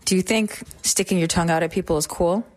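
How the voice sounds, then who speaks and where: A woman co-hosting a radio show, patiently and gently asking a child questions. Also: on the low side, fast talker.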